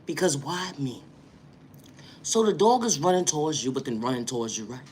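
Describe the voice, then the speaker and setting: A woman with a New York City accent telling a comedic story as an animated, slangy, exasperated rant full of repeated catchphrases. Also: a bass voice, normal speed, slight background noise.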